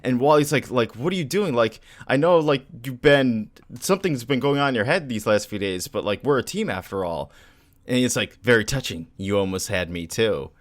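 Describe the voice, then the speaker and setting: Male podcast co-host, lively pitch, laughs a lot, recaps comics. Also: moderate pace. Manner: laughs often, acts out characters' lines. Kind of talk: casual chat, recapping a comic.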